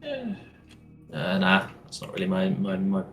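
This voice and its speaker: A man's voice: sits low, wildly swooping pitch, measured pace, a bit bright, faint music behind. A man casually playing a tabletop game, stumbling over his words and restarting. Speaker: player.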